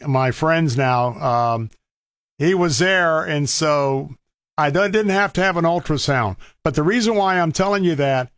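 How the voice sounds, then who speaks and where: A middle-aged man hosting a radio talk show, making an earnest, pleading fundraising appeal and repeating details slowly. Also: on the high side, fairly bright tone, smooth, no echo, studio quality. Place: radio studio.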